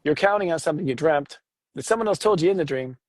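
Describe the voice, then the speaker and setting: Husky guy chatting about astrology, lively pitch swings, dry close sound. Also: fast, no echo. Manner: animated, jokes, acts out voices with big pitch jumps. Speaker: astrology show co-host. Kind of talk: casual spiritual conversation.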